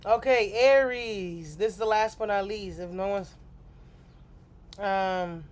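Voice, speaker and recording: A woman's voice: mid-range voice, slow pace, darkish tone. A woman hosting a casual astrology livestream, rambling and playful, with apologetic asides.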